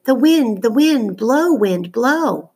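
A woman voicing a sickly eight-year-old girl in a high, babyish, whiny voice, reading a storybook. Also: expressive, moderate pace, husky. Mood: delighted.

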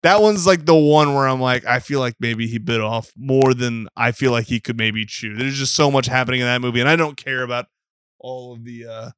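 A man's voice: medium pitch, fairly quick, fairly bright tone, smooth, dry recording, studio quality. A young man co-hosting a casual film podcast, rambling and laid-back, laughing often and swearing casually. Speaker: podcast co-host.

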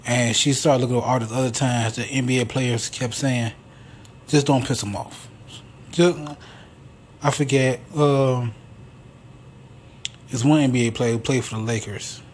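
A man's voice: mid-range voice, steady tone, moderate pace, pauses often, a little hiss or hum. A man hosting a podcast alone, telling stories in a rambling, profane, casual way. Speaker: podcast host. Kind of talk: casual solo monologue.

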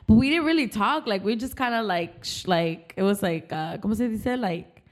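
A woman's voice: mid-range voice, lively intonation, normal speed. Woman podcast co-host, filler-heavy talk. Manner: filler-heavy storytelling, lots of "like". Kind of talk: casual chat.

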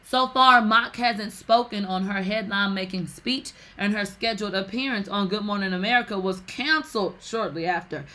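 Sassy, bright-voiced woman gossip host. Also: medium pitch, moderate pace, few pauses. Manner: animated and profane, with sassy asides. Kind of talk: casual gossip commentary.

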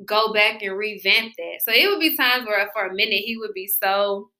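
A woman co-hosting a podcast in casual chat, telling an animated story and swearing freely. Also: medium pitch, moderate pace. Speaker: podcast co-host.

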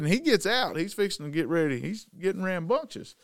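A man's voice: a little high, fast, hardly any pauses, clear, resonant tone, no echo, studio quality. A man hosting a casual chat and telling a story, acting out the quotes. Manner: animated, acts out the quotes. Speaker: show host telling a story.

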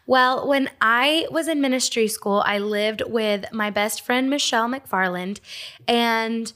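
A young woman from Georgia, USA, speaking for a Christian ministry, gives a casual devotional teaching. She tells stories warmly, with fillers and little laughs. Her voice is a little high and unhurried.

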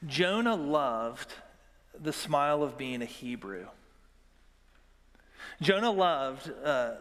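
A man's voice: a little high, fairly bright tone. Earnest male pastor preaching in a hall. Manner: earnest preaching with congregational call-and-response. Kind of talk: sermon. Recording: long hall reverb.

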